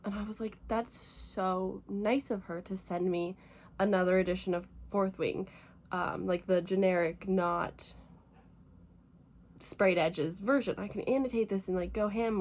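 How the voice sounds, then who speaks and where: Teary, gushing young woman book vlogger. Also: mid-range voice. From United States. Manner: gushing, emotional and excitable; fast, rambling with many fillers. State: teary, emotional. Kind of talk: casual vlog chat.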